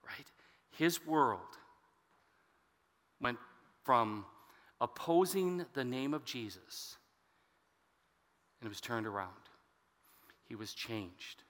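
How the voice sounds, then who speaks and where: Bright-voiced preacher man in a hall. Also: mid-range voice, animated, slow pace, pauses often. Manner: expository preaching, conversational asides to the congregation. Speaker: pastor. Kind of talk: sermon.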